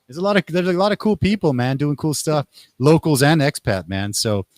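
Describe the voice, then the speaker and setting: Animated man telling stories in a dry room. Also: on the high side, a little fast, no echo. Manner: animated, acts out quotes in raised voices. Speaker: podcast host. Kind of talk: casual conversational storytelling.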